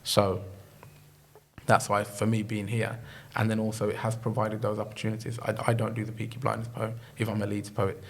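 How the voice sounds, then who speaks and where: A poet from Birmingham with a Brummie accent, chatting casually as an interview guest and telling lively stories with frequent laughs. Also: male voice, on the low side, a little fast. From Birmingham, England. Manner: animated storyteller, laughs often, acts out quoted voices.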